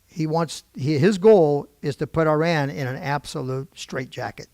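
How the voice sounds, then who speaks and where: A middle-aged man teaching a Bible prophecy class in an animated, digressive way, with frequent exclamations. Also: on the high side, normal speed, vocal fry, no echo, studio quality. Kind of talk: informal Bible lesson.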